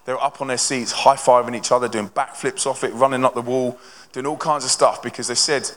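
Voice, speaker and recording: A young man from a touring Christian band, telling stories to a church audience in an energetic, conversational way with lots of restarts. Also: medium pitch, fairly quick. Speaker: touring Christian band member speaking to a congregation. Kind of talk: live testimony talk to an audience. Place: church hall with a live audience. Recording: long hall reverb from a large venue.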